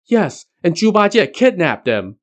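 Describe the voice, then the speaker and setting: A man's voice: very animated, a little slow. A man voicing a demon's weeping young wife who pleads in a raised, tearful voice. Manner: pleading, tearful, high-pitched.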